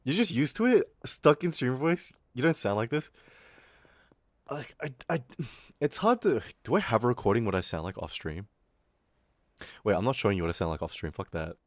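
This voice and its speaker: A man's voice: medium pitch, animated, moderate pace, no room sound, studio quality. A young Australian man chatting casually on a livestream, rambling, swearing and laughing often, his throat a little irritated. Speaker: VTuber streamer.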